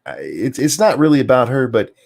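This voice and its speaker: A man's voice: medium pitch, big pitch swings, fairly quick, creaky. Sarcastic, swearing male commentary host. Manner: sarcastic, profane, stammering restarts. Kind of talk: ranting commentary stream.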